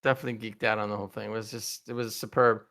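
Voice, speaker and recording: A man co-hosting a casual TV review chat, enthusiastic and laughing, often trailing off softly. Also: lowish voice, flat delivery, very fast. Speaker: podcast co-host.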